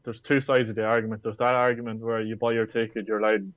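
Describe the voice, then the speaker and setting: A man speaking in a low, flat, even voice as a podcast guest, laying out his opinions steadily. The sound is muffled and dry, with no room echo. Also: fast talker. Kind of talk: casual chat.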